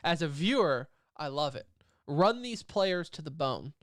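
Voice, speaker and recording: A man's voice: fairly high pitch, lively intonation, unhurried, fairly bright tone, dry recording, studio quality. A man co-hosting an esports podcast, running through news items in a loose, joking way. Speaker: podcast co-host. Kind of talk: casual esports podcast chat.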